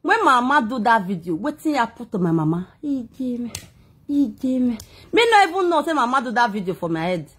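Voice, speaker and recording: Husky, heated Nigerian woman ranting. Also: fairly high pitch, big pitch swings, a little fast, fairly bright tone. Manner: heated, defensive, rambling. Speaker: vlogger. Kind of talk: emotional personal rant to viewers.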